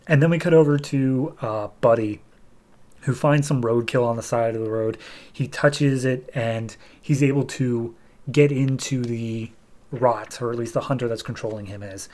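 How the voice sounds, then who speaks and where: A man's voice: mid-range voice, moderate pace, a little mellow. A young adult man with a mid-range voice recaps a comic on his podcast. He speaks loosely and casually, with frequent fillers and restarts. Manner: loose, filler-heavy, acts out dialogue. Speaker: podcast host.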